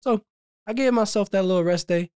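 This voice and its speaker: A man's voice: sits high, a little fast, warm tone, clear, resonant tone. A young man co-hosting a podcast in casual, upbeat chat, laughing often. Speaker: podcast co-host.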